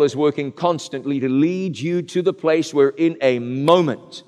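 Middle-aged male preacher, earnest rhetorical sermon, slightly high voice, long hall echo. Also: darkish tone. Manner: rhetorical, earnest, direct address.

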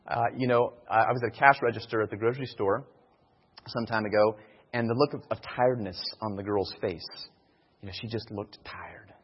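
A man's voice: medium pitch, slightly rough. A man giving an informal sermon talk on sharing faith, earnest and repeating his key phrases for emphasis. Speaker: speaker teaching evangelism. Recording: dull sound in a reverberant hall.

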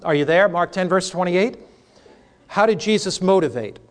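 A pastor with a high-sitting voice teaches a sermon class in a hall before a live audience. He speaks at a normal speed in an animated way, asking the audience questions.

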